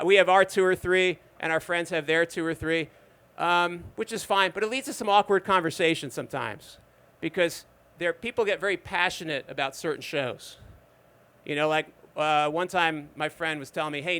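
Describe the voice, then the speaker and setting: A fifty-year-old man does stand-up at a live open mic in a bar. His voice sits a little high and comes through clean and smooth. He tells his stories in a dry, conversational way and keeps checking in with the crowd. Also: normal speed, a bit bright. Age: 50s. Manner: dry, conversational storytelling with asides to the audience. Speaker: stand-up comedian. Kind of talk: stand-up comedy set.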